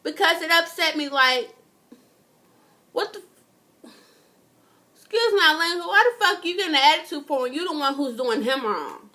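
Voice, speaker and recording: A woman's voice: high voice, lively intonation, brisk, pushed and bright. A young woman, giving a casual, indignant TV review and swearing freely. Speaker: vlogger.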